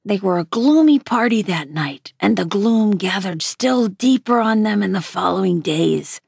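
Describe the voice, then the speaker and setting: A woman reading a novel aloud in an unhurried, even storytelling manner. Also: medium pitch, vocal fry, husky, no echo, clean studio sound. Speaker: reader.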